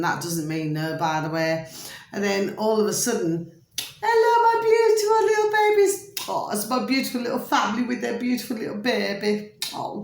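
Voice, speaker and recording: A woman with a fairly low voice vlogs to camera in a reverberant space, chatting in a meandering monologue that keeps drifting off track. Easily distracted, she calls her viewers "my delicious little babies".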